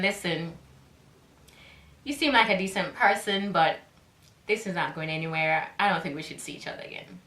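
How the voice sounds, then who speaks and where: A woman from Jamaica with a Jamaican accent, telling a dating story to camera in an animated way, laughing often and throwing in rhetorical asides. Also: medium pitch, roomy sound. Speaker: vlogger.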